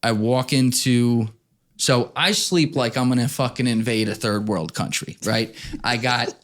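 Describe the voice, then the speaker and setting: Animated, profane man telling stories. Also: mid-range voice, a little slow. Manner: animated, profane, acts out quotes. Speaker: podcast guest, podcaster. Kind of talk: casual storytelling chat.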